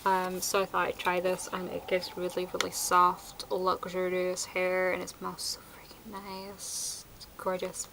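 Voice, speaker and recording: A woman's voice: on the low side, monotone, measured pace, gravelly, background noise. A woman chatting casually through a product review, enthusiastic and sprinkled with fillers. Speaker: beauty vlogger.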